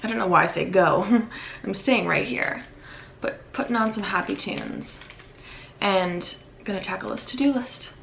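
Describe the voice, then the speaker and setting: Young female vlogger, chatty and easygoing, a touch of fry, middle pitch. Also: sing-song, unhurried, a bit bright, a little hiss or hum. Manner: chatty, self-aware, with many fillers. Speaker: lifestyle vlogger. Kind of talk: casual vlog chat. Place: her apartment.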